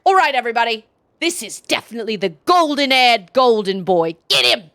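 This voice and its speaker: A woman's voice: a little high, expressive, brisk, bright, forceful tone. A woman voicing a gloating male ninja clan villain with a put-on Cockney accent, cackling and taunting.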